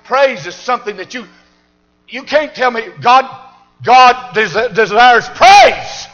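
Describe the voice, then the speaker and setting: An older man, preaching a fiery sermon in a church and shouting and whooping with exuberance. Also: very high voice, takes it slowly, dull audio, faint music behind. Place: church service.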